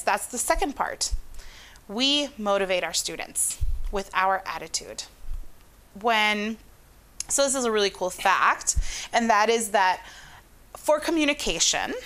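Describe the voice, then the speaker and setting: A woman's voice: medium pitch, a bit bright. A woman from Honduras, a psychologist guest speaking expressively in an interview with emphatic, varied intonation. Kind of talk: interview conversation.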